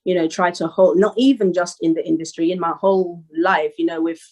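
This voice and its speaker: A woman's voice: fairly low pitch, steady tone, a little fast, darkish tone, poor audio. A young woman with a London accent, chatting casually as an interview guest, laughing often and filling with "you know". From Northwest London, England. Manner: laid-back, laughs often, many "you know" fillers. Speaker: rapper guest.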